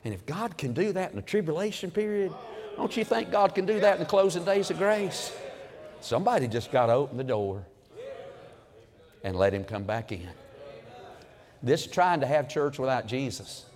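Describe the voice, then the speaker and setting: A man preaching a sermon in a folksy storytelling way, building to loud, emphatic peaks. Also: on the high side, animated, moderate pace, long pauses, in a large hall.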